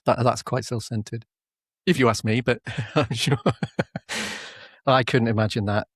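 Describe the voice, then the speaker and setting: A man in casual conversation as a comedy podcast co-host, chatty and self-mocking. His voice sits at an ordinary pitch and is recorded dry and close, with no room echo. He talks easily and laughs often between his lines. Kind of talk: casual chat.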